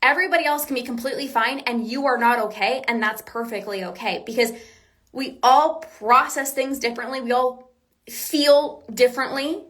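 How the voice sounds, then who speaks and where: Earnest woman coach with a higher voice. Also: normal speed, fairly bright tone. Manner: earnest, repetitive, reassuring; acts out quoted self-talk. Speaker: binge eating coach and podcast host. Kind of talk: motivational podcast talk.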